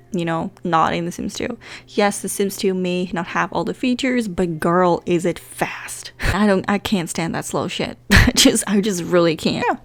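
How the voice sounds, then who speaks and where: A young woman whose first language is Dutch, chatting casually as a gaming YouTuber, rambling and self-deprecating. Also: medium pitch. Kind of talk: casual chat.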